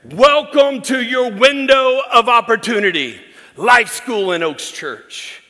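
A fervent elderly father, urgent and emphatic, pitched well above the speaker's own voice and pushed loud, as a pastor puts him on. The sound is bright and cutting, ringing in a large hall with long reverb. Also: lively intonation, takes it slowly, heavily acted. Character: fervent elderly father, a preacher with grand plans.

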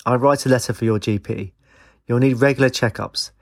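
A man's voice: mid-range voice, steady tone, fairly quick, creaky, no echo, studio quality. A man reading a story, voicing a disapproving senior doctor in a dull, abrupt tone. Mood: curt.

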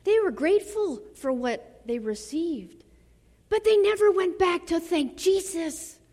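A woman with a high voice preaches a sermon in a slow, deliberate rhythm. Her delivery is dramatic, sinking to hushed phrases and then lifting into fervent calls. The sound carries a long reverb from a large hall. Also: lively intonation. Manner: slow, dramatic delivery with soft drops and rising exclamations.

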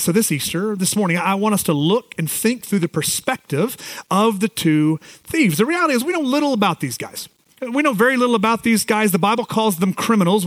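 A man's voice: sits high, fairly bright tone, dry recording. A man preaching a sermon as pastor. He talks in a conversational way, repeats himself, and muses aloud with "like" and "I just wonder.".

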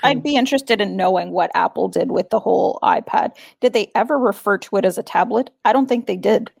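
A woman with a gravelly, husky voice speaks thoughtfully in a casual panel chat. Her voice sounds close and dry, with a reflective, anecdotal manner. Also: mid-range voice, brisk, a little mellow, no room sound.

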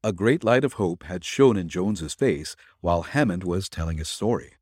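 Male storyteller, low husky voice, lively pitch, dry close sound. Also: normal speed, no room sound. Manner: expressive storytelling. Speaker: narrator. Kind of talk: audiobook narration.

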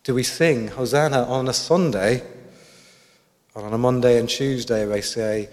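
His sermon comes in a medium-pitched, slightly mellow voice at normal speed. He's reflective and keeps asking the congregation questions, and a long hall reverb fills the recording.

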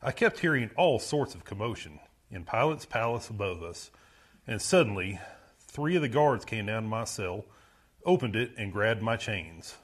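A man's voice: on the low side, lively intonation, moderate pace. A man playing a guilty, defiant male rebel prisoner in a dramatic first-person monologue, brooding and self-justifying.

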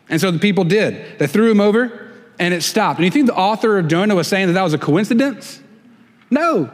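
A man preaching a sermon in a relaxed, conversational way with folksy asides. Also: high voice, fast, in a large hall. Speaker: pastor.

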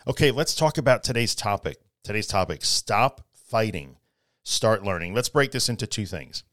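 A man's voice: fairly low pitch, lively intonation, normal speed, fairly bright tone, no echo, studio quality. A middle-aged man hosting a solo podcast, talking casually but earnestly and repeating his key phrases for emphasis. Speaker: podcast host.

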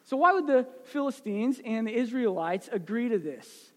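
A male preacher tells a Bible story in a relaxed, conversational way and keeps checking in with his listeners. His voice sits very high for a man. The sound has a long echo from a large hall. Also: normal speed. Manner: conversational, asks the audience questions. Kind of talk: sermon storytelling. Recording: echoey hall.

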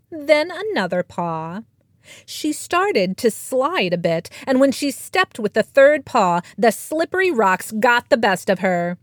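Slow, expressive woman reading a children's story. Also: mid-range voice, no room sound, clean studio sound. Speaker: storyteller and author.

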